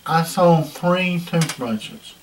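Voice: mid-range voice, extremely slow, noisy background. A performer voicing a bumbling hare-lipped male toothbrush salesman who tells a comic story in character, with nasal, thick speech, rambling and repeating himself in folksy slang. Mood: folksy storytelling. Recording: voice distant from the mic.

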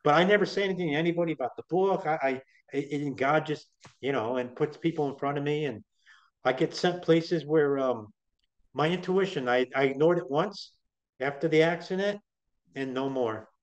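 A middle-aged man, appearing as a guest on an interview, tells his story casually in a fairly high voice at a normal speed. He chats and rambles, restarting often. The recording sounds dull and lo-fi.

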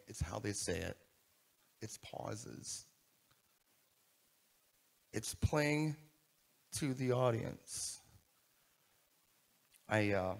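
A man giving a live keynote talk to a conference audience, asking the room questions as he goes. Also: lowish voice. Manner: animated, asks the audience questions. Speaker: keynote speaker.

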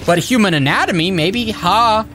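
A man giving rambling, excitable let's-play commentary, talking to his viewers as he plays. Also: high-pitched, moderate pace, background noise. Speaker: gaming YouTuber. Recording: game music behind.

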